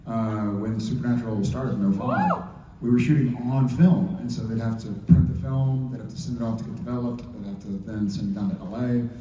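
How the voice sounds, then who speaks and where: A man on a convention panel, telling an animated story with playful asides. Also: medium pitch, a little fast, hardly any pauses, background noise. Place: large convention hall. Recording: dull echoey hall sound from a distance.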